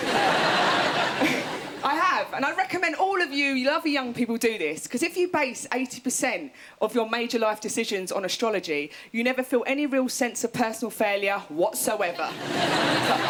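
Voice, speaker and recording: A woman's voice: high voice, expressive, brisk, heavy background noise. A woman in her thirties doing a chatty, self-mocking stand-up comedy set on a TV studio stage. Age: 30s.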